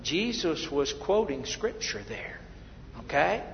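A male pastor preaching a sermon in a high voice, dropping to near-whispers and rising to ringing, impassioned lines. The sound is dull and lo-fi, with a long reverb from a large hall. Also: lively intonation, slow pace, vocal fry, slight background noise. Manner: preaching with swings from hushed to loud.

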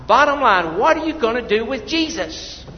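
A male pastor preaching an evangelistic sermon, swinging from loud urgent appeals to hushed prayer. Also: very high voice, sing-song, moderate pace. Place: church sanctuary. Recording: dull echoey church hall recording with faint noise.

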